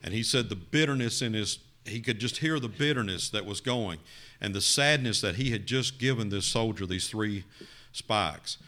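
Preacher telling a dramatic story. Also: male voice, normal speed. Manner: dramatic, rising to loud emphasis then dropping low. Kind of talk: sermon with storytelling.

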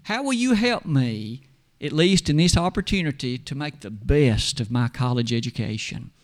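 A man acting out an eager young male student who asks Jesus for advice, earnest and excited. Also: medium pitch, moderate pace, voice pushed down, lightly acted.

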